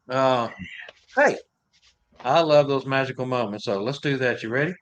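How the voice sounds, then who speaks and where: An easygoing man with a Texas drawl hosts a live show in a relaxed, chatty way. He jokes about his own slips and laughs along as he goes. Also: medium pitch, normal speed, pauses often. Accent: Texan. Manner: jokey, laughs at himself, easygoing. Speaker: show host. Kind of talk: casual live show chat.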